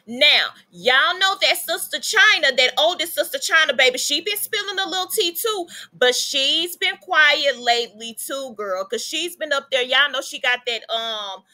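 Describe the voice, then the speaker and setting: A woman's voice: high voice, animated, normal speed, few pauses, bright, forceful tone. A woman with a Southern US accent, chatting sassily about celebrity gossip to her viewers. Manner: sassy, chatty, addresses viewers as y'all and baby. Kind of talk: casual gossip commentary to viewers.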